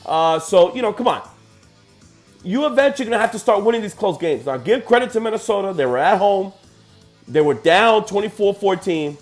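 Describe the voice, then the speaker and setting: A man's voice: a little high, animated, normal speed, soft background music. A man hosting a sports podcast, ranting heatedly and profanely about football results.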